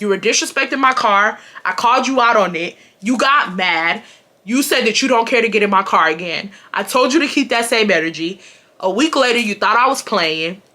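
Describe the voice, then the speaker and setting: A woman's voice: medium pitch, sharp tone. A young woman vlogger telling a storytime rant to camera, indignant and venting, with heavy slang and swearing.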